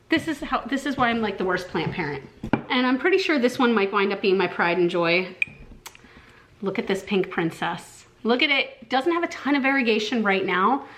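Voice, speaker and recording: A woman with a Southern American accent chatting casually in a vlog, gushing and excitable, with lots of fillers. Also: fairly high pitch. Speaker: vlogger.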